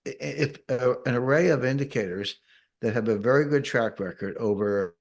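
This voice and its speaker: A man's voice: mid-range voice, normal speed, creaky. A man explaining economics in an interview, patient and methodical, with dry sarcastic asides. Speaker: guest economic commentator. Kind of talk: interview answers.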